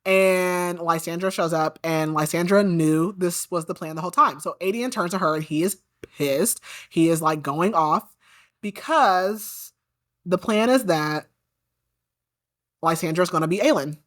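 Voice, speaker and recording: A woman's voice: on the low side, measured pace, a bit bright. A woman hosting a podcast, recapping a book in a casual, chatty way, full of "like" and indignant asides about the characters. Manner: chatty, peppered with "like". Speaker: podcast host.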